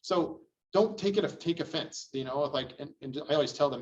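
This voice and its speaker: A middle-aged man giving a real estate training lecture, acting out excited and panicked clients in raised voices. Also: on the high side, normal speed. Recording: distant, slightly dull mic sound.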